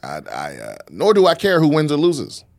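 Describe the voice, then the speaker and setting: A man's voice: on the high side, huge pitch swings, moderate pace, creaky, a little mellow, slight background noise. A man co-hosting a podcast in casual chat, loose and profane, rambling through his points. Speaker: podcast co-host.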